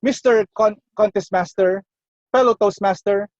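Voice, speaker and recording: A man giving a prepared contest speech, telling a personal story in a slow, earnest way with pauses, over a video call. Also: high voice, dry recording, lo-fi sound. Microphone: computer or phone mic on a video call.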